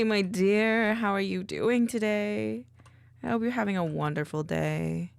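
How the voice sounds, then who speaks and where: A woman streamer chatting casually with viewers from her home desk, bubbly and rambling, into a mic on a boom arm. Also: huge pitch swings, moderate pace, gravelly, no echo. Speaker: VTuber streamer. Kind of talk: casual livestream chat.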